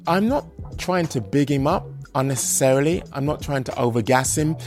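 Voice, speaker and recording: A man hosting a casual chat, measured and thoughtful, with some hesitant restarts. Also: medium pitch, animated, a little mellow. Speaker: podcast host and interviewer. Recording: dull lo-fi sound with faint music.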